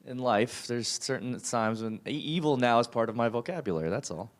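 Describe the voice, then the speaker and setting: A man from the audience talking casually and hesitantly, with halting restarts. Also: mid-range voice, lively intonation. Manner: hesitant, halting, laughs easily. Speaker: audience member. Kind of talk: casual chat.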